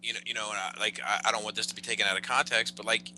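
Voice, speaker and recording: Low, sharp-toned podcast host, a man. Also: little pitch movement, slight background noise, poor audio. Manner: halting, many restarts and fillers, swears. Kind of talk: casual podcast chat.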